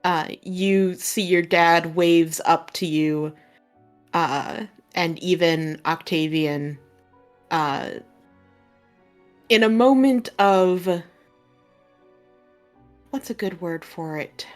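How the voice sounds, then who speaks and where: Woman game master, lowish voice, slow deliberate pacing, filler-heavy narration. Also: soft background music.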